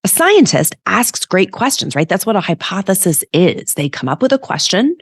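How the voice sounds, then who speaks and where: A woman's voice: mid-range voice, big pitch swings, moderate pace, husky, dry recording, studio quality. A woman hosting a reflective self-help podcast as a coach, talking conversationally and often checking in with "right?".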